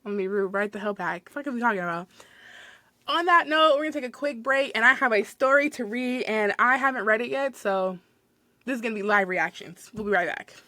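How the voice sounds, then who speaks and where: A young woman hosting a podcast, telling retail stories in a sassy, animated, profane way. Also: on the high side, brisk, no room sound. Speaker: podcast host, retail manager. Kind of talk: casual storytelling.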